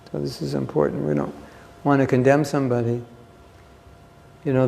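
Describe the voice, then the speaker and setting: A man's voice: medium pitch, gravelly, darkish tone, in a large hall, a little hiss or hum. A man giving a scripture class, reading a passage aloud and then explaining it with emphatic asides, recorded on a phone.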